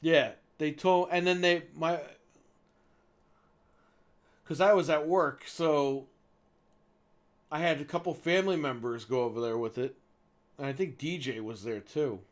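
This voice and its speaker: Guy ranting a story on a gaming show, kinda high voice, swears a lot, does everyone's voices. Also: unhurried, pauses often. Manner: animated, swears freely, acts out voices in anecdotes. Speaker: co-host. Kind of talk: casual storytelling chat.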